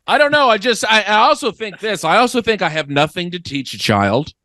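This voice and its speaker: A man's voice: high-pitched, very animated, normal speed, bright, forceful tone, dry recording. A man co-hosting a comedy podcast, joking in a dry, mock-serious, riffing way. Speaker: podcast co-host. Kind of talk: casual comedy chat.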